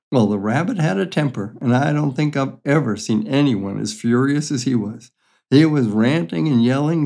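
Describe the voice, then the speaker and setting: A man's voice: medium pitch, normal speed, vocal fry, darkish tone. An older man reading his own memoir stories aloud in a dry, matter-of-fact, wry way. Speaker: memoir storyteller.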